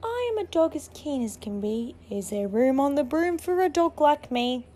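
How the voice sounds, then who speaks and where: A woman's voice: high voice, lively intonation, moderate pace, mellow. A woman voicing an eager, polite male dog in a storybook reading.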